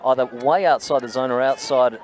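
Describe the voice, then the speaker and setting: An Australian man giving enthusiastic, analytical colour commentary on a softball game. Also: medium pitch, fairly even intonation, fairly quick. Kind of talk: live sports commentary. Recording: outdoor broadcast with crowd and ambient noise.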